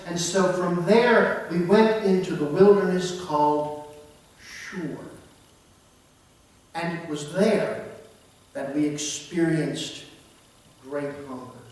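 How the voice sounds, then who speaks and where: A man preaching a first-person dramatic sermon in the voice of Moses, slow and storytelling, with hushed drops. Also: on the high side. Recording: roomy echo from far off.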